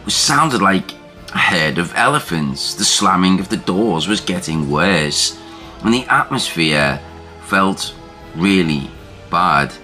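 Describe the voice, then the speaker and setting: A man narrating a first-person ghost story as a scripted reading, in a measured, deliberate way. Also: low-pitched, bright, forceful tone.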